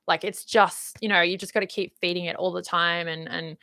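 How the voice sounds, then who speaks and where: A woman's voice: on the low side, steady tone, brisk, bright, forceful tone, no echo, clean studio sound. A young Australian woman with a slight Valley Girl lilt, chatting casually and rambling with lots of fillers as she reads out her live chat. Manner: upbeat, rambling, uses many fillers like "like" and "um". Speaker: YouTube host reading live chat.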